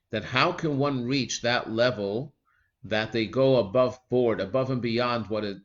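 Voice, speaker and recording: A man of middling pitch recounts a teaching story with earnest, measured delivery. He pauses often and fills gaps with soft hesitations. The recording is dull and lo-fi, with the top end rolled off. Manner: measured, earnest retelling with frequent pauses and "uh" fillers.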